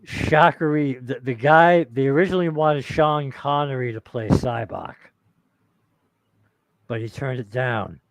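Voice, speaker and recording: A man's voice: medium pitch, a little slow, pauses often, no echo. A man guesting on a livestream in casual fan chat, laid-back, offering trivia and short replies.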